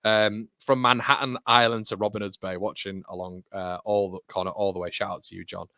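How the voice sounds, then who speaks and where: A man's voice: lowish voice, flat delivery, brisk, bright, forceful tone, no echo, studio quality. A young man hosting a live football watchalong stream, chatting casually and reading viewers' comments with banter and laughter.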